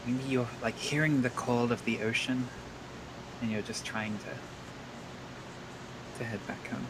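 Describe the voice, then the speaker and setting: A man playing a tabletop game, talking in character in a calm, measured, reassuring way. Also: medium pitch, noisy background. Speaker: player.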